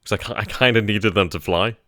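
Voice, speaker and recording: A man thinking aloud as he plays a strategy game, trailing off mid-sentence and bursting into giddy excitement at good news. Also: fairly low pitch, fast talker, a little hiss or hum. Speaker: let's play gamer.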